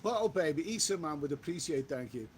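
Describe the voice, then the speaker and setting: Slight hiss or hum sits under a man's a-little-high, animated, brisk voice. He's a travel vlogger on a casual live stream during an outdoor walk, reading viewer comments aloud and often saying things twice.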